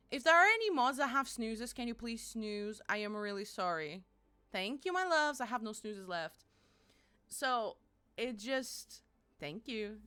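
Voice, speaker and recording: A young woman streaming live, chatting casually and animatedly, laughing and apologizing a lot and squealing when excited. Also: medium pitch.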